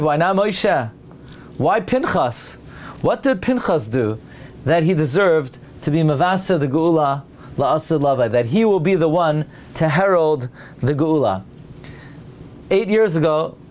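A man giving a Torah lecture, weaving in many Hebrew and Aramaic terms, and his voice climbs as he builds each point. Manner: animated, rising pitch when building a point. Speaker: rabbi giving a Torah class.

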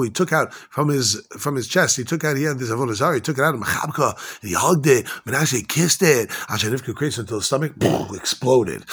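A man teaching a Talmud class, reading Aramaic and translating it into English in an excitable way. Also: a little high. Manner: rapid, excitable, mixing Hebrew and Aramaic with English.

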